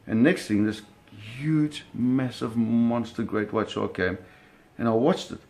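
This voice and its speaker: A man telling a personal story in an animated, vivid way, often restarting his phrases. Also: medium pitch, a little slow.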